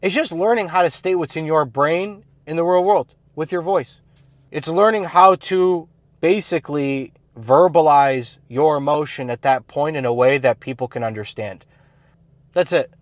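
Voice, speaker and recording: A man's voice: a little high, normal speed, dry recording. Blunt, slangy male coach. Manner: blunt, slangy, filler-heavy talk. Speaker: men's self-improvement coach. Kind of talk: casual advice monologue.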